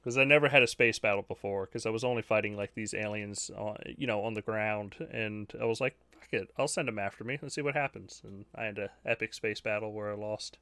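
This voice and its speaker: A man's voice: on the low side, brisk, few pauses, sharp tone, clear, resonant tone, dry recording. A man co-hosting a gaming podcast, chatting in an easygoing, rambling way. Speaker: podcast co-host. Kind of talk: casual chat.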